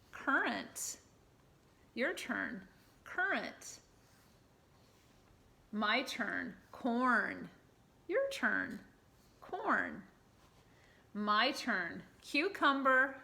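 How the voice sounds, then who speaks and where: A woman's voice: mid-range voice, creaky, bright, forceful tone. A woman teaching a preschool class at circle time, reading a picture book aloud and leading call-and-response in a sing-song manner.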